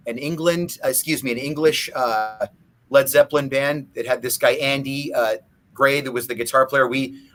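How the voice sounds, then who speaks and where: A man's voice: mid-range voice, a bit bright. Rambling man telling a story. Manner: rambling storyteller with many restarts. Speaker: guest musician. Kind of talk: casual interview chat.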